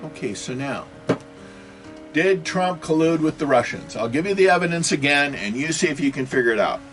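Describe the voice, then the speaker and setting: Hosting his own video, a man delivers an unscripted political and religious monologue that rambles along with rhetorical questions, fillers and self-corrections. His slightly high, somewhat bright voice has lively intonation at a moderate pace, with faint music in the background.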